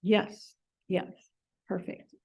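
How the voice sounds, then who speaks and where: A woman leading a spiritual study class, talking in an animated way and repeating words as sound effects. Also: drawn-out words. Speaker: class leader.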